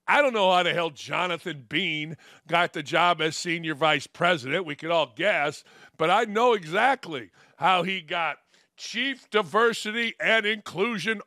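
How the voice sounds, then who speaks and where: A man's voice: sits high, sharp tone, no room sound, clean studio sound. A man hosting a sports talk show, delivering a combative, sarcastic opinion monologue. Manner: combative, sarcastic, mocking quotes.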